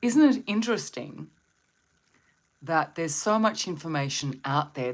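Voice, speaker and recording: Her low, fairly bright voice carries a soothing, reflective quality as she hosts a live stream about wellbeing. She leads meditation and invites viewers to answer her questions.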